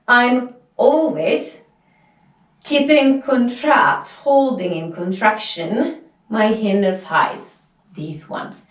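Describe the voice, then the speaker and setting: Slow patient woman teaching belly dance. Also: medium pitch. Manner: slow, patient step-by-step instruction with counting. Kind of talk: instructional dance lesson. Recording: echoey room, mic at a distance, music behind. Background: music.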